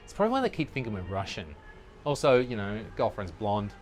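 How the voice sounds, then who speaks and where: A young man hosting a comedy podcast, telling a rambling, sweary story in a loose monologue and jumping into high mock voices now and then, recorded outdoors on a city balcony on a portable recorder that is not studio quality. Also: very animated, a little fast. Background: faint music from the city.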